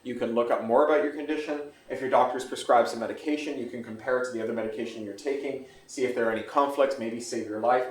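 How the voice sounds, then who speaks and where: A man in his forties, an author giving a fast, articulate talk about his novel at a bookstore event. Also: mid-range voice, steady tone. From Canada. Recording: echoey room recorded from far off.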